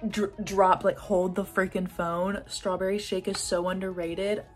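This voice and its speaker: A woman's voice: medium pitch, level tone, a little slow, faint music behind. A young woman, chatting eagerly about her makeup palettes in a casual vlog. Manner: gushing, chatty, lots of "like" and "oh my God". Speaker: beauty vlogger. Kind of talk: casual makeup collection chat.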